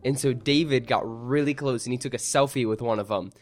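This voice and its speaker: Relaxed young man recounting a story. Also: medium pitch, fairly quick, soft background music. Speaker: podcast co-host. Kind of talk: casual chat.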